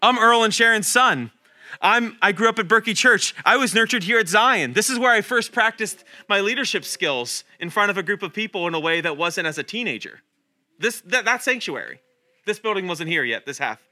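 A man in his thirties preaching a sermon in a church, animated and self-deprecating, showing points with his hands. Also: high voice, fairly quick. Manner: animated, self-deprecating, talks with hand demonstrations. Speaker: guest preacher. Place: church sanctuary.

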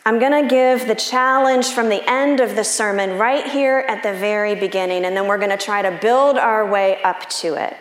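A woman pastor preaching a sermon in an unhurried, conversational and personal way. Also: medium pitch, echoey room.

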